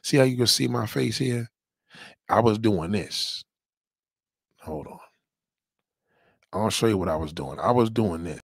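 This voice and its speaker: Loud ranting man on a livestream. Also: fairly low pitch, a little slow, gravelly, long pauses, breathy edge, dry recording, studio quality. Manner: loud, rambling, repeats catchphrases, heavy swearing. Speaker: livestream host. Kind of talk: profane livestream rant.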